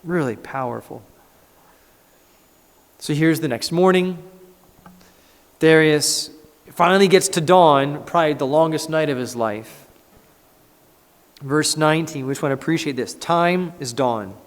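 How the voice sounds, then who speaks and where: A man, a pastor, preaching a conversational, animated sermon in a church and acting out scripture. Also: fairly high pitch, unhurried, pauses often. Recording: echoey church hall.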